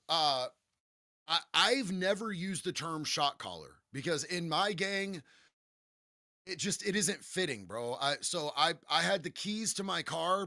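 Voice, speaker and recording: A man's voice: on the high side, creaky, sharp tone, no room sound, clean studio sound. A man, a podcast guest, telling stories in a casual, profane, laid-back way with lots of "bro.". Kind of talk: casual storytelling chat.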